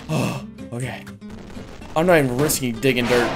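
Excitable woman yelping through gameplay. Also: very deep voice, moderate pace, soft background music. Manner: excitable, yelps and shouts at in-game sounds. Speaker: gaming video host. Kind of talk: excitable let's-play commentary.

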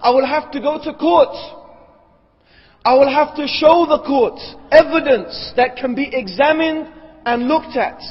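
An Islamic lecturer with a very high, slightly rough voice argues his points one by one with emphasis, throwing rhetorical questions at the audience. The recording has the echo of a hall and a dull, lo-fi quality.

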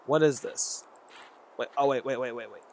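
A man's voice: medium pitch, normal speed, vocal fry, a little hiss or hum. A man giving rambling commentary while playing a horror game, talking to himself and reacting aloud. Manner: rambling, jittery, talks to himself. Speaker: gaming YouTuber.

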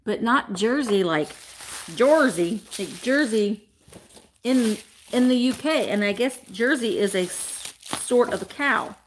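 Bubbly woman live-streaming a sale, kinda high voice, paper crinkling, faint hiss. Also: animated, unhurried. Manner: chatty, gushing, gasps over items. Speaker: vintage reseller hosting a live sale. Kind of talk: casual live-stream chat.

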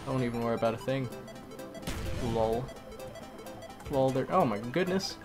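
A man's voice: mid-range voice, lively intonation, moderate pace. A tired man giving rambling, casual commentary on his own gameplay, talking to himself and swapping swear words for mild ones. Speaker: gaming commentator. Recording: game audio with music underneath.

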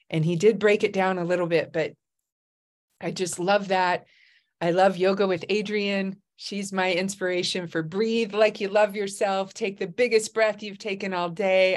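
A middle-aged woman hosting a casual video-call chat from Hawaii, effusive and emotional, often laughing. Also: medium pitch. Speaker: host. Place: home in Hawaii.

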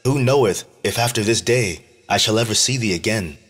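Man reading Sarah, old mother, pleading, tender, husky low voice. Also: fairly quick, close to an everyday voice. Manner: tender, pleading, archaic speech.

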